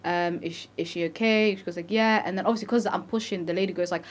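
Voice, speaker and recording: A woman's voice: on the low side, fast talker. A young woman co-hosting a podcast, telling a story in a slangy, chatty way and acting out the other people's voices as she goes. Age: young adult. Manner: animated storyteller, acts out quoted voices; calls listeners babe, slangy. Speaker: podcast co-host. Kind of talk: casual storytelling chat.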